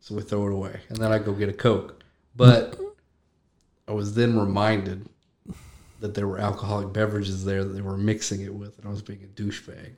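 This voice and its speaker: A man's voice: on the low side, monotone, fairly quick, darkish tone. A young adult man hosting a podcast, chatting casually and joking with a friend, often laughing. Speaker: podcast host. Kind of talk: casual chat.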